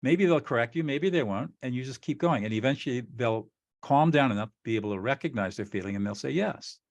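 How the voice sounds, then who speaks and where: A man's voice: mid-range voice, animated, fast talker. A man co-hosting a talk on relationships, explaining a technique in an earnest, methodical way and acting out sample dialogue. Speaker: co-host teaching relationship skills.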